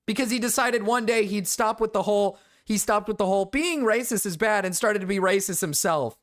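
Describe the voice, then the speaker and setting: A man's voice: sits high, fairly even intonation, fairly quick, fairly bright tone, no room sound, studio quality. A man streaming reaction commentary, ranting sarcastically and swearing a lot.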